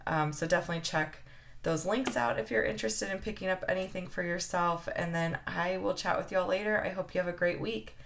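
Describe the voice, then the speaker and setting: A woman's voice: lowish voice, fairly quick, creaky, fairly bright tone, slight background noise. A woman in her thirties chatting heartfelt to camera as a planner vlogger, with lots of fillers. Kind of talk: casual chat to camera.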